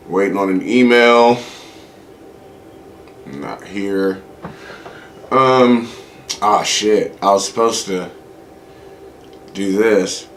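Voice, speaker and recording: A man hosting a casual solo comedy show, rambling and profane, talking straight to his audience. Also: deep voice. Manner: rambling, profane, acts out quoted voices. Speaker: comedy podcast host. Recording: echoey room with faint ambient noise.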